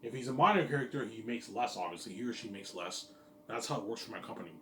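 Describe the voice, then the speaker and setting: Speaking quickly in a fairly low, sharp voice with lively intonation, a man casually rambles on about what he plans for his company. He keeps falling back on "look at that" and "yeah, man," captured by a distant mic in an echoey room with a faint background hum.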